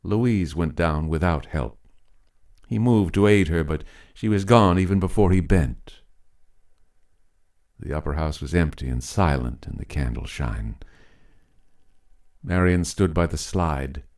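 A man narrating a written story in a measured, deliberate storytelling manner. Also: extremely low pitch, a little mellow. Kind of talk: scripted narration.

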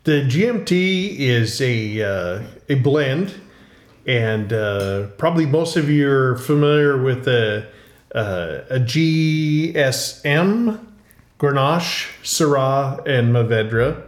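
A middle-aged man, a winery co-owner, answering interview questions in a casual, halting way with many fillers and restarts, recorded in a tasting room. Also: mid-range voice, expressive. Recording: roomy tasting room, faint hum.

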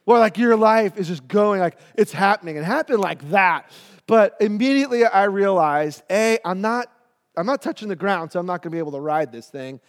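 High-voiced animated preacher man in a hall. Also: fairly quick. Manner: animated, acts out voices in his story. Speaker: pastor. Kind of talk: storytelling sermon. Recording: long hall reverb.

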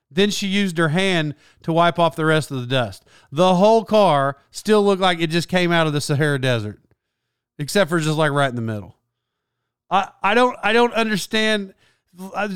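Animated, rambling male podcast host. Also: high-pitched, clean tone, dry recording, studio quality. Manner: exasperated, rambling, self-interrupting. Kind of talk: comedic storytelling monologue.

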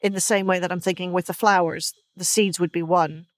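A woman's voice: fairly low pitch, fairly even intonation, a little fast, dry recording. A woman playing in a comedy podcast game, working things out aloud in a methodical way. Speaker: player.

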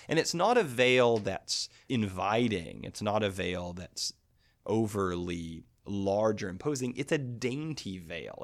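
A man hosting a podcast, explaining a poem's rhyme and meter in a thoughtful lecturing manner. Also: fairly low pitch. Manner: thoughtful, explanatory, reads quoted verse aloud. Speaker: podcast host discussing poetry. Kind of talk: spoken lecture on poetry.

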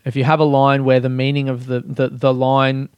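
A man's voice: medium pitch, completely flat delivery, normal speed, darkish tone, smooth, no room sound, lo-fi sound. A young man, hosting his own podcast in loose, rambling chat, swearing and laughing at himself as he goes. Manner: rambling, swears, laughs often, self-mocking. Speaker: podcast host. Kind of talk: casual solo podcast chat.

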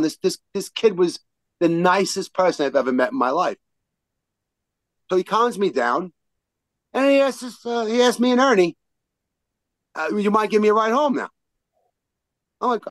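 A man telling a rowdy, profane story to old friends, acting out the shouted lines. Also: on the high side, dry recording, rough recording. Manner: animated, profane, shouts out quotes mid-story.

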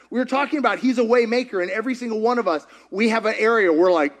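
High-voiced guy pastor telling a story in his sermon, animated, laughs a lot. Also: fast, few pauses. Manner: animated, chatty, laughs often.

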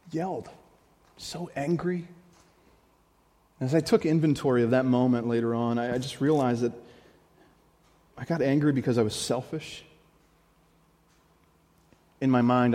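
Male pastor, mid-pitched, earnest confessional sermon, recorded with long hall reverb. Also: darkish tone. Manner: earnest, confessional preaching with repeated phrases.

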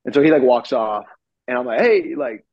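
Talking fast in a mid-range voice, a young pitcher guesting on an interview tells animated stories via video call from his home studio, voicing the people in them and leaning heavily on fillers. The audio is dull, with no room sound.

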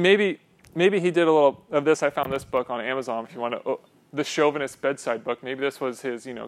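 A man preaching a sermon in an animated, joking way, asking his listeners questions. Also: mid-range voice. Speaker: pastor.

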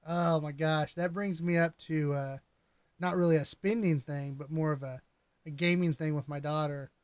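Lively higher-voiced young man storytelling. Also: normal speed, clean tone, dry recording. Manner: animated storyteller, laughs often. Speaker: podcast co-host. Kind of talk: casual podcast chat.

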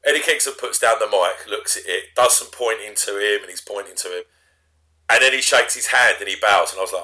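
A man recapping a wrestling show in a rambling way, often trailing off quietly. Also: lowish voice, brisk. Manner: rambling recap, drops to a mumble. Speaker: co-host. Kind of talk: casual chat.

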